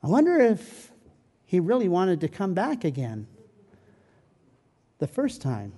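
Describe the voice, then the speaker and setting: A man preaching a sermon, swinging from loud pleading questions to soft, hushed comfort. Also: high voice, wildly swooping pitch, measured pace, long reverb tail.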